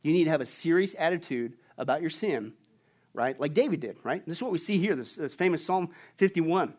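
High-voiced animated preaching pastor. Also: male voice, fairly quick. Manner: animated, asks the congregation questions and answers them. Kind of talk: sermon with jokes.

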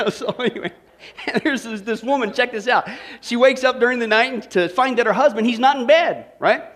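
A male pastor preaching a sermon, telling a joke and then driving into scripture with lively energy. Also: very high voice, normal speed. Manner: energetic, joking storyteller preaching.

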